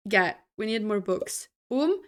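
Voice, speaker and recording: A bubbly young woman chats away on a live stream, her voice sitting a little high. She laughs easily and answers her viewers as she goes. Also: lively intonation, unhurried, a bit bright. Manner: bubbly, laughs often, reacts to chat. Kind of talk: casual live-stream chat.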